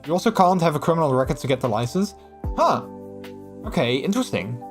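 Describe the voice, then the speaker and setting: A man hosts a live stream, talking to his chat in a gushing, animated way that keeps restarting mid-sentence. His voice sits a bit high, and faint music plays behind him. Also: fast.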